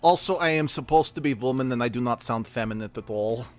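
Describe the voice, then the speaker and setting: A man's voice: medium pitch, fast talker, lightly acted. A man streaming in character as a reincarnated woman royal guard, putting on a fake Russian accent with formal, broken English over game commentary. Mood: deadpan.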